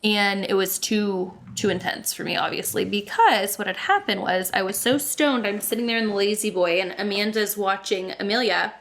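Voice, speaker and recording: A woman's voice: mid-range voice, moderate pace, hardly any pauses. A woman in her thirties, a podcast co-host, telling a casual story with lots of laughter and swearing. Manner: laughing, animated, swears freely.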